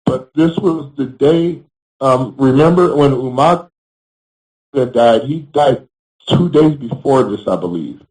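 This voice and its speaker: A man, a former pro wrestler, giving a candid interview. He speaks bluntly, swears freely, and pauses often on fillers. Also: medium pitch, expressive, darkish tone, rough recording. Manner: frequent fillers and restarts. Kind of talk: candid storytelling.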